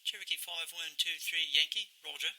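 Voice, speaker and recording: A man's voice: on the high side, normal speed, crowd noise, voice pushed up, lightly acted, low-quality recording. A man voicing an air traffic controller and a pilot in a put-on British accent, using clipped, formal radio phrasing. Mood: crisp, formal.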